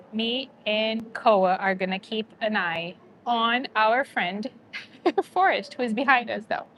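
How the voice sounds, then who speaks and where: A woman's voice: on the high side, animated, slow pace, long pauses, a bit bright, a little hiss or hum. A woman hosting a casual livestream, chatting to viewers and a dog and laughing often. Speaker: livestream host.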